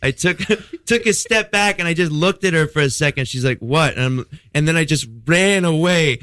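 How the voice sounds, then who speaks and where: Excitable high-voiced man telling a story. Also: normal speed, smooth, no room sound. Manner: excitable, acts out dialogue, swears freely. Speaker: podcast guest telling a story. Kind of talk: casual comedic storytelling.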